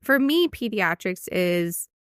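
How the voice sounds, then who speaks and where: A woman's voice: mid-range voice, very animated, takes it slowly, fairly bright tone, clean tone, no room sound, clean studio sound. A woman in her thirties, a veterinarian hosting a podcast, explaining things in casual chat and laughing easily. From United States.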